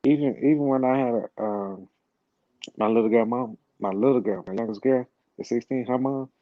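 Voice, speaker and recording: With a medium-pitched voice at a moderate pace, a middle-aged man tells a long, rambling, casual story full of profanity, repeated words and restarts. The audio has no echo but is slightly dull and lo-fi.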